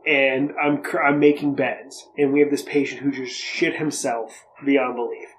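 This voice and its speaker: A man's voice: mid-range voice, little pitch movement, normal speed, a little hiss or hum, poor audio. A young man co-hosting a podcast, telling a story in a rambling, profane, casual way. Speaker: podcast co-host. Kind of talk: casual chat.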